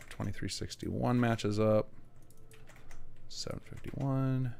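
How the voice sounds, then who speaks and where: A man's voice: fairly low pitch, creaky, a little hiss or hum. A man streaming live as he works, thinking aloud and muttering to himself as he checks numbers. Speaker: game mod developer streaming. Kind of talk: live-streamed work commentary.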